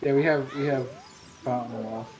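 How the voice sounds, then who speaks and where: A man casually commentating a speedrun race, excitable and quick to cheer. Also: medium pitch. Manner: excitable, cheering, laughs often.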